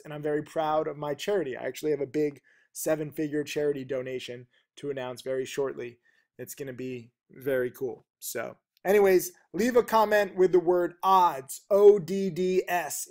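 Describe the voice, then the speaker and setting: A man giving a fast, emphatic and blunt video lesson on trading, talking rapidly with fillers like "okay" and "you know". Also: a little high, a little mellow. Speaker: trading teacher.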